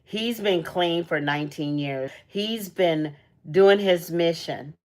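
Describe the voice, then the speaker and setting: A woman's voice: lowish voice, slow pace. A young woman hosting a casual livestream, talking about energy and purpose, emotional and rambling with many restarts. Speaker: livestream host.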